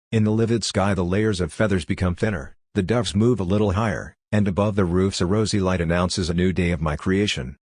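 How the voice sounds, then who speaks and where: A man with a low, deep voice reads a literary novel aloud as a first-person monologue. His delivery is measured and deliberate. The sound is dry and close, with no room around it. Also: dry recording. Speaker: audiobook reader. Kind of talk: literary audiobook narration.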